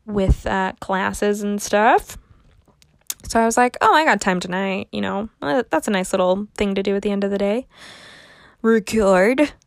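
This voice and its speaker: A young woman chats slowly and loosely through a solo podcast episode, wandering between thoughts and poking fun at herself. Her voice sits in a middle register and sounds close and dry, with no room around it. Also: mid-range voice, clean tone, no echo. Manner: rambling, self-mocking humor. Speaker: podcast host. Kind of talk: casual solo podcast chat.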